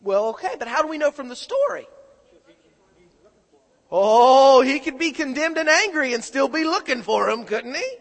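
A male preacher delivers a sermon and keeps asking his congregation to answer him. His voice is high and bright, and it swings widely in pitch. The sound rings out in a hall with long reverb. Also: very animated, moderate pace. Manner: questions the congregation, call-and-response.

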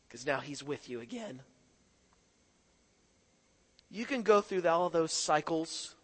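A man preaching a sermon, moving between hushed prayer and impassioned, rising appeals to the congregation. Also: a little high. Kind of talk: sermon with altar-call prayer.

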